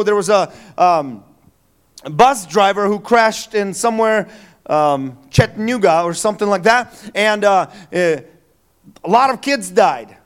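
A male pastor giving a Christmas Eve sermon in a church, telling stories in a relaxed, joking, conversational way with fillers. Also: sits high, clear, resonant tone. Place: church sanctuary.

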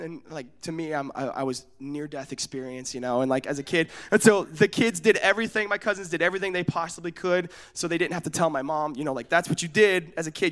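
A young man from Oregon preaching in a casual, storytelling way, animated and acting out the voices in his stories. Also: fairly high pitch. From United States, Oregon. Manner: casual, often asks "you know what I'm saying?". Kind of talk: storytelling sermon.

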